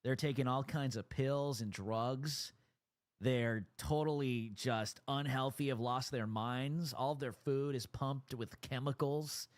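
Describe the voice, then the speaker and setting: A man's voice: mid-range voice, fairly even intonation, slow, dry recording. A man streaming live, giving mocking, insulting running commentary over clips.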